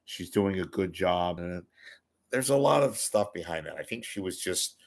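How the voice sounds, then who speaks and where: An older man hosts a livestream, chatting casually and rambling along with self-deprecating jokes. His voice is deep and expressive with vocal fry, and he talks at a normal speed.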